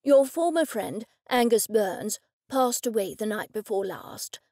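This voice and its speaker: A woman voicing a formal, precise gentleman in a storybook reading, who enunciates every word loudly and clearly. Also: mid-range voice, animated, a little slow, dry recording, studio quality.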